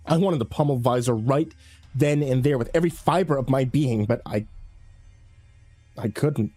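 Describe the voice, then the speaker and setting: Man narrating horror in a dark voice. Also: medium pitch, dry recording, faint music behind. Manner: measured, grim storytelling. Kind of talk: first-person horror narration.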